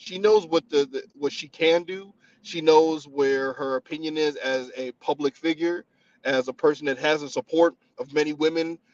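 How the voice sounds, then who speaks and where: A man calling in to a podcast, talking in a measured, reflective way with many fillers. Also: on the high side, muffled recording. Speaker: caller. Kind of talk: call-in commentary.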